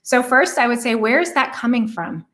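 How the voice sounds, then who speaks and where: A woman giving a relationship coaching talk, earnest and reflective, who asks many rhetorical questions and slows down to stress words. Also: on the high side, sing-song, a bit bright. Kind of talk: coaching monologue.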